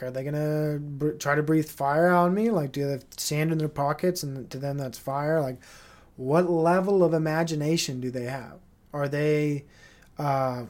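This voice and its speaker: Speaking alone on his podcast, a man in his thirties uses a highish voice with a darker tone. The casual monologue wanders, laced with swearing, filler words and tangents.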